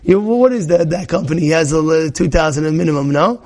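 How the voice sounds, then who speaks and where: Male teacher, high and bright pitch, loose storytelling Torah class, keeps checking in with the room. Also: fast talker. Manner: chatty, asks the audience questions, repeats phrases, acts out shouting characters.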